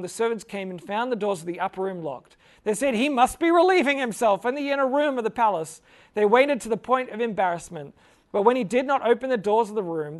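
A high-voiced man gives an informal Bible talk full of jokes. He chuckles along and leans on "like" as he retells the story in a casual teaching style. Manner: jokey, chuckling, fills talk with "like".

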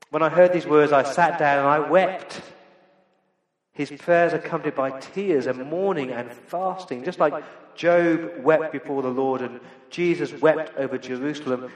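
A middle-aged man preaching a sermon as pastor, earnest and emphatic with repeated phrases. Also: on the high side. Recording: echoey church hall with long reverb.

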